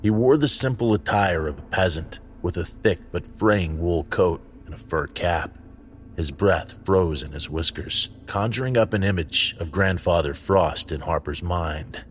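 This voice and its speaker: A man reading scripted story narration in a measured, even way. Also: low-pitched, soft background music.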